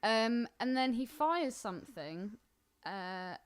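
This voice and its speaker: A woman's voice: a little high, lively intonation, slow, clear, resonant tone. A woman co-hosting a casual movie podcast, bantering and teasing her co-host. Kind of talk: casual movie-commentary chat.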